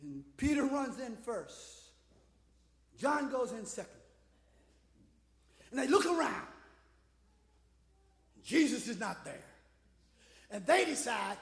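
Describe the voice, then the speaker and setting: A male preacher delivers a sermon in a strikingly high, gravelly voice, rising into shouted, sung whoops. He is heard in a roomy church sanctuary with a long, echoing reverb. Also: big pitch swings, slow pace, pauses often.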